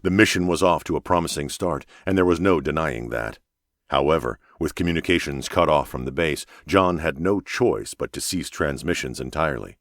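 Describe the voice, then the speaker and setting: A male audiobook narrator with a very deep, low voice, reading a thriller in a measured, even way. The recording is close and dry, with no room sound. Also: no room sound. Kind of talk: scripted narration.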